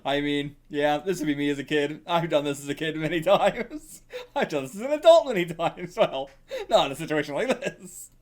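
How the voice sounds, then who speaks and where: A man's voice: fairly high pitch, brisk. A man hosting a casual manga reaction, reading pages aloud and laughing often. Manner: giggly, excitable, often laughing.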